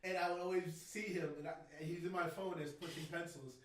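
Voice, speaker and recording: A man's voice: a little high, fast talker, recorded from a distance. A man co-hosting a podcast, telling joking stories in casual chat. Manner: joking storyteller, animated. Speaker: podcast co-host. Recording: echoey room, voice from off mic.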